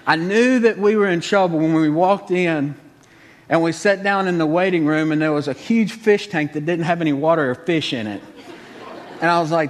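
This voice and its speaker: A man's voice: a little high, moderate pace, long reverb tail, slight background noise. A man telling a comic story in a folksy, exasperated way.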